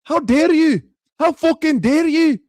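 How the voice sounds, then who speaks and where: A man putting on a furious male football fan in a mock Scottish accent, shouting insults indignantly. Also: extremely high pitch, animated, a little slow, no echo, clean studio sound, pitched above the performer's own voice.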